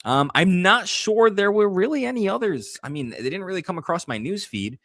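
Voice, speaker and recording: Chatty, animated male co-host. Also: high voice, fairly quick, no room sound, clean studio sound. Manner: chatty, laughs often, argumentative. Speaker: co-host of a call-in political show. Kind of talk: casual live-stream talk.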